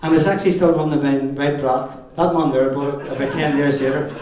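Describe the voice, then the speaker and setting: This father of the bride, a middle-aged man with a Northern Irish accent, chuckles through jokey stories at a wedding reception hall. His higher voice is steady and darkish, a little fast, and he sits far from the mic in a very echoey room.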